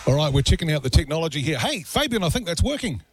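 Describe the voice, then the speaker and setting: A man's voice: on the high side, big pitch swings, fast talker, no echo, soft background music. A man with a New Zealand accent hosting a live outside radio broadcast, chatty and joking, laughing often.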